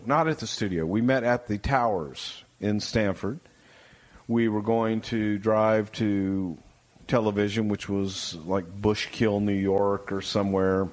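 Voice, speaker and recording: Man, low voice, slow pace, casual reminiscing, meandering, self-correcting. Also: a little mellow. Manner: meandering, corrects himself mid-sentence. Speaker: guest recounting events. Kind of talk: casual chat recollection.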